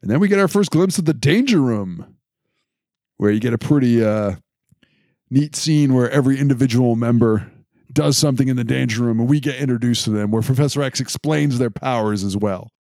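Steady man recapping a story. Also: medium pitch, a little fast, no room sound, clean studio sound. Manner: steady, recaps events plainly with some fillers. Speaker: podcast co-host. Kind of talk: casual chat, recapping an episode.

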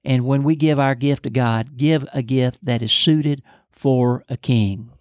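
A man's voice: mid-range voice, steady tone, measured pace, darkish tone, no echo. An older man co-hosting a podcast, telling a story and then praying in an earnest, preacherly way. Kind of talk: storytelling and prayer.

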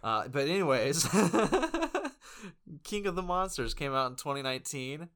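A man co-hosting a movie review podcast, relaxed and joking, laughing often. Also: fairly high pitch, a little slow. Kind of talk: casual chat.

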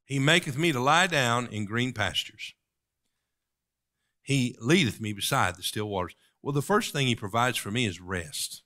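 Impassioned preacher man, bright. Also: mid-range voice, lively intonation, moderate pace. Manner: impassioned preaching with soaring rises, reciting King James scripture. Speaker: pastor. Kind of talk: sermon.

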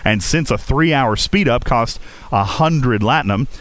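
A man from West Virginia with a faint Appalachian accent, hosting a casual gaming livestream, chatty and reading chat aloud. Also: a little slow. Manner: chatty, reads chat aloud, lively jumps in pitch. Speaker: livestream host.

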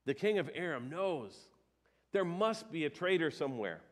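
A male pastor delivers a sermon with a fairly high-pitched voice. He keeps it conversational and stresses key points with lifted emphasis. He hesitates now and then as he thinks aloud. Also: big pitch swings, normal speed.

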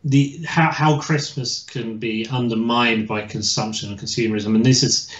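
A man's voice: medium pitch, steady tone, moderate pace, a bit bright. A man speaking as a guest historian over a video call, explaining in a hesitant way with many restarts. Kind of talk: casual expert explanation. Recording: echoey and dull lo-fi.

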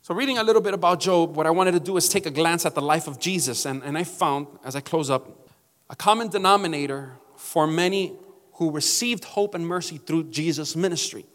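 A man's voice: fairly high pitch, brisk, fairly bright tone, big-room sound. A male pastor preaching a sermon emphatically, calling out to his congregation.

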